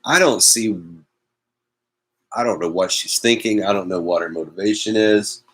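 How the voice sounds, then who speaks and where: A man's voice: fairly low pitch, normal speed, fairly bright tone, poor audio. A man hosting a casual solo chat show from home, rambling and wry with self-mocking asides. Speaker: host.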